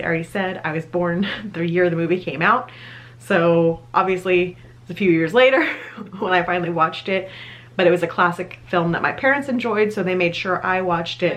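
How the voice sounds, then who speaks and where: A woman in her thirties chatting enthusiastically to her viewers as a vlogger, laughing now and then. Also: fairly low pitch. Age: 30s. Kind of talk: casual chat to camera.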